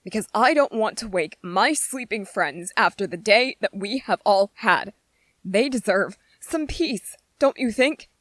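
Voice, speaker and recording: A woman's voice: mid-range voice, fairly bright tone, dry recording. Armin, a sarcastic trainee, as a woman voices him. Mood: strained. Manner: biting, sarcastic, strained. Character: irritable young male soldier trainee, sarcastic. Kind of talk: whispered role-play.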